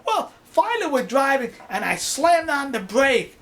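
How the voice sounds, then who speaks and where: An older man telling stories in a casual, animated way, laughing often and acting out dialogue. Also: very high-pitched, a little slow. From New York City. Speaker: storyteller. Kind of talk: casual storytelling.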